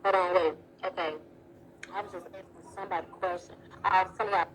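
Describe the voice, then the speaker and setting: A woman's voice: medium pitch, little pitch movement, fast, fairly bright tone, a little hiss or hum, low-quality recording. A woman in casual live-stream chat, talking loosely and slangily straight to her viewers.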